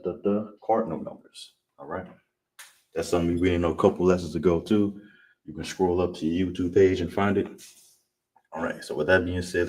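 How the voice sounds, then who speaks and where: A man teaching an online language class. He repeats words slowly, breaks them down letter by letter, and keeps asking "you understand?". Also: deep voice, dark tone, distant mic. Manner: repetitive, checks in with "you understand?". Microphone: streaming setup.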